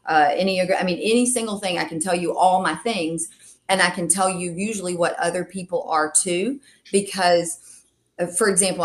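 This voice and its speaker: A woman, a real estate agent who calls herself an extreme extrovert, telling animated stories as a podcast guest and acting out the dialogue. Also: on the low side. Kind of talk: casual interview storytelling.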